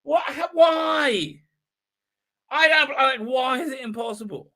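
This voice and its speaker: Exasperated ranting man, high bright voice. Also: slow. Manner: exasperated, incredulous, full of fillers, mocking quotes. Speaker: show host reviewing an episode. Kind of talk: rambling ranting recap.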